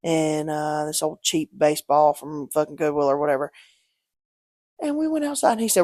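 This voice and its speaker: Animated woman telling stories. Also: sits low, a little fast, no echo, clean studio sound. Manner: animated storytelling, swears freely, acts out quotes. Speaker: podcast co-host. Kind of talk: casual chat.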